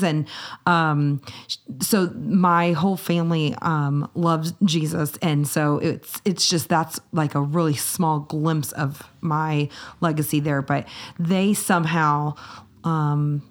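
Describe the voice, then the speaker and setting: Low-voiced woman chatting on a podcast. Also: unhurried. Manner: laughs easily, lively retelling. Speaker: podcast co-host. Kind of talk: casual storytelling chat.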